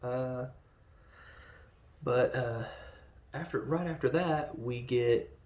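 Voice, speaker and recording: A man in his thirties hosting a casual movie review, rambling and animated, slipping into quoted lines as he goes. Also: mid-range voice, takes it slowly, reverberant. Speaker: podcast host reviewing films.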